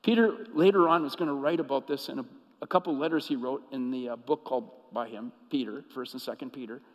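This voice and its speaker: A man preaching a sermon as pastor, telling stories and moving between hushed, intimate passages and emphatic, rising ones. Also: medium pitch, quick pace, long reverb tail, low-quality recording.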